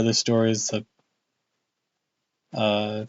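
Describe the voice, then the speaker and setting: A man's voice: on the low side, steady tone, moderate pace, fairly bright tone, slightly rough, dry recording, muffled recording. A man casually reading a book aloud on a live stream, loose and off-hand, with crude asides.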